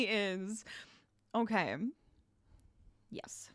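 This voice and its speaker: A woman in the middle of a casual crochet livestream, talking to her viewers as she works. She chats in loose, easy bursts, laughs a lot and trails off into restarts, and sounds a little short of breath. Her voice sits at an ordinary pitch, picked up close and dry by a desk mic. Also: expressive, moderate pace, fairly bright tone, no room sound. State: a bit out of breath.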